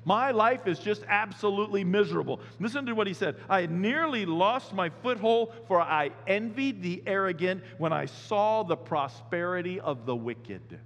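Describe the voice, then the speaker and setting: A man preaching a sermon as pastor, talking in a lively, conversational way with sudden loud bursts. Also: high voice, moderate pace, few pauses. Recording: long hall reverb.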